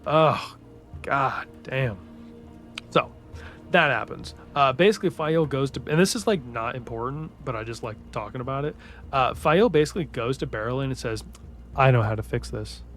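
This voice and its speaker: Excited sweary guy recapping books, casual ramble, soft music underneath. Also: medium pitch, normal speed. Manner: enthusiastic, profane, rambling. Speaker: podcast host recapping books. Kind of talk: casual chat. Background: faint background music.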